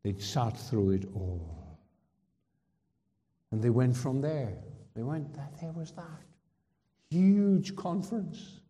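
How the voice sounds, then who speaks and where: A man's voice: medium pitch, expressive, slow, pauses often, mellow. A man preaching a sermon, emphatic, with rhetorical questions and repeated phrases. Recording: long hall reverb.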